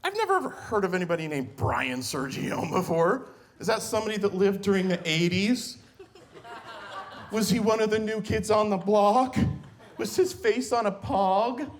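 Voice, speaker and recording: A woman's voice: mid-range voice, lively intonation, moderate pace, voice pushed up, lightly acted. A man doing a cocky, whiny teen daughter. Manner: whiny, complaining. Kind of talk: stand-up comedy impression.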